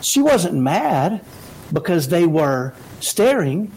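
A man giving parenting advice in an energetic motivational talk, often checking in with "right?". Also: fairly high pitch, slow pace, husky, low-quality recording. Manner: energetic, keeps asking "right?".

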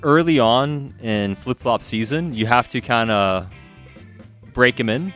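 A man co-hosting a casual podcast chat, joking and animated, often restarting his sentences. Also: mid-range voice, measured pace, faint music behind. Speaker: podcast co-host.

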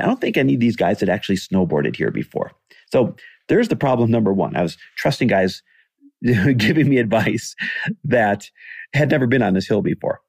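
A man's voice: low voice, gravelly, darkish tone, dry recording, studio quality. A man in his forties telling a personal story in a candid, conversational way as a podcast host, acting out what people said. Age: 40s. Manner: candid, conversational, acts out quoted dialogue.

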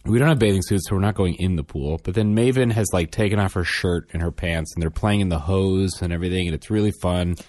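A man's voice: low voice, fast talker, hardly any pauses, a little mellow, dry recording. A man in his thirties, a father and podcast co-host, telling a funny story in casual chat and acting out the quotes with self-deprecating humor.

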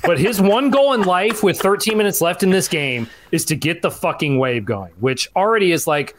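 A man telling a long, profane story in casual chat, animated and ranting, and he raises his voice when he quotes people. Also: high-pitched, moderate pace, hardly any pauses. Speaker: podcast co-host.

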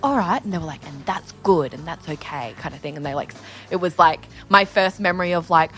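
A young Australian woman tells stories in a casual interview, talking fast and acting out what others said. Her voice sits a little low. Faint music plays under her. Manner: chatty, animated storytelling with lots of "like" and acted-out quotes. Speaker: musician guest.

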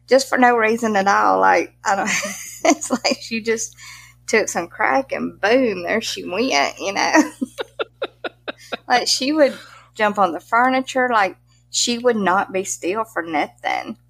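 A middle-aged Mississippi pet content creator takes her time in a casual interview, her medium-pitched, fairly bright voice showing vocal fry over a slight hiss or hum. She speaks with a strong Southern accent, laughs often, and uses country phrasing.

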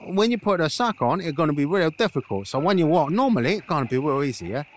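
A man voicing a bossy, gruff trainer who swears constantly, in an improvised comedy podcast. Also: fairly high pitch, sing-song, quick pace. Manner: peppers every sentence with swearing, bossy.

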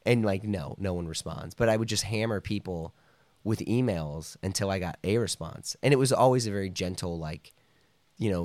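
A man with a low, darkish voice speaks at a moderate pace as a podcast guest. He tells a loose, rambling story in a casual storytelling style, full of "like" and "you know," sometimes acting out other people's lines and coughing here and there. There's no room sound.

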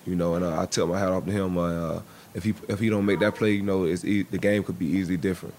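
A young man in his twenties, a football player answering radio interview questions in a halting way with many fillers. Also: deep voice, steady tone, a little mellow, slight background noise. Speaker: football cornerback, guest.

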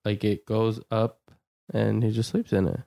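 A podcast co-host chatting in a relaxed, hesitant way with many ums. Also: medium pitch, normal speed, gravelly, no echo. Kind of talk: casual chat.

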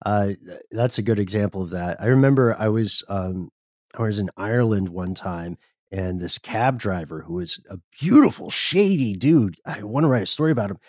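A man's voice: lowish voice, animated, moderate pace, a little mellow, no room sound, clean studio sound. A man co-hosting a casual history podcast, with wry joking asides. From Atlanta, Georgia, US. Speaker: podcast co-host.

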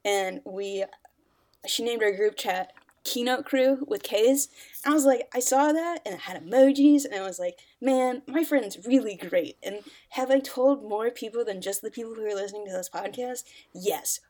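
A woman's voice: on the high side, moderate pace, a little mellow. A woman co-hosting a podcast in casual chat, speaking earnestly and full of compliments. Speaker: podcast co-host.

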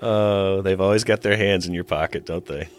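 Low-voiced man narrating a recap. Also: steady tone, normal speed, a little hiss or hum. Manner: storyteller pacing, wry asides. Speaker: podcast co-host recapping an episode. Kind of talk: casual recap narration and chat.

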